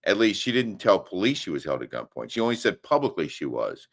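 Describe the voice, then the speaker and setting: Middle-aged male co-host, very low voice, casual live-chat delivery with emphatic argumentative bursts. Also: big pitch swings, fairly quick. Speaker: co-host of a live daily show. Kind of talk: casual live-stream chat, reading comments. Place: hotel room.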